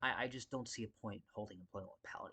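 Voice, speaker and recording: A man's voice: lowish voice, fast talker, sharp tone, husky. A man who works as a security guard, venting in a casual vlog, frustrated and profane, rambling and circling back to his points. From Las Vegas area.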